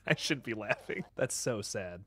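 A man giving casual, slangy commentary on a film, excitable and quick to joke. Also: mid-range voice. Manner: excitable, jokey and slangy, with frequent laughs. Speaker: movie reviewer.

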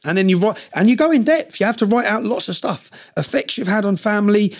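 A man's voice: high voice, animated, quick pace, a little mellow. A middle-aged man, intensely telling his life story as a podcast guest, rambling with many restarts. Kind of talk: emotional personal storytelling.

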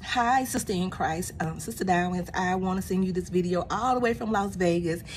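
A woman's voice: lowish voice, normal speed, slight background noise. A woman from South Carolina, a nurse recording a rambling, church-flavored get-well video greeting. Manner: warm-hearted, churchy, rambling encouragement.

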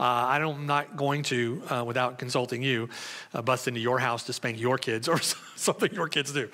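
A man's voice: mid-range voice, a bit bright. A pastor giving a conversational sermon, reading scripture and putting questions to his congregation. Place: church hall. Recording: long hall reverb.

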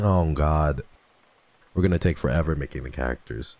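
A playful male streamer talks casually with his chat into a desk mic, thanking viewers and teasing them. His voice is deep, dark and gravelly, and its pitch swings widely as he drops in and out of theatrical voices. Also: moderate pace, no room sound. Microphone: desk microphone.

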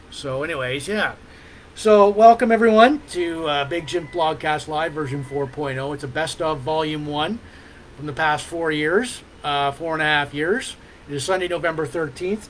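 A man's voice: a little high, a bit bright, a little hiss or hum, rough recording. A man hosting a livestream in casual chat, rambling with many fillers and restarts. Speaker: livestream host.

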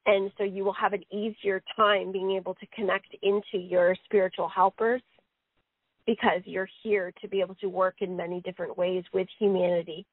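Calling in over a dry phone line with no echo, a psychic medium on a live radio show passes along messages, rambling and repeating "he says." She speaks at a moderate pace in a mid-range voice with a flat delivery.

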